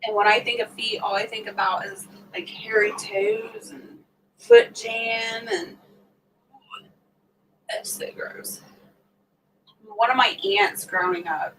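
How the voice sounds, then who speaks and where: Her voice is on the high side, a bit bright, with vocal fry: a middle-aged woman hosting an easygoing livestream. She jokes and chats with viewers and plays out what other people said. She's recorded slightly away from the mic, with faint background noise.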